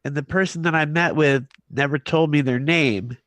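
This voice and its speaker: A man playing a tabletop role-playing game, talking in a halting way with many fillers and restarts. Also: fairly high pitch, fairly bright tone, no echo. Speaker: player. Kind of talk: in-character tabletop role-play.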